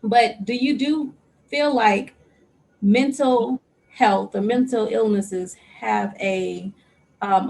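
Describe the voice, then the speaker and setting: A woman's voice: mid-range voice, gravelly, slight background noise. A woman hosting a podcast interview, reflective and asking long, winding questions. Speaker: podcast host.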